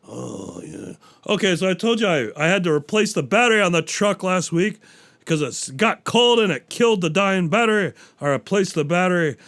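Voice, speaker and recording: Brief: a profane, rambling podcast host with a slightly high voice. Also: male voice, lively intonation, moderate pace, vocal fry, a bit bright.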